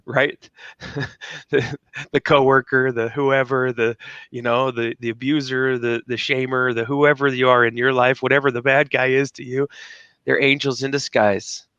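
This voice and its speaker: A man's voice: mid-range voice, little pitch movement, unhurried, a bit bright, smooth, no echo, highs cut off. A man co-hosting a motivational podcast, talking in a rambling, casual way with frequent laughs and repeated words. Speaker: podcast co-host.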